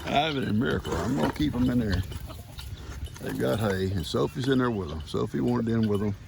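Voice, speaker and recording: A man's voice: medium pitch, expressive, fairly quick, gravelly. An older man, chatting casually to his camera and sweetly to his animals on his farm. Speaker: farm vlogger. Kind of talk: casual farm vlog narration. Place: outdoors on a farm. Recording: noisy outdoor farm recording.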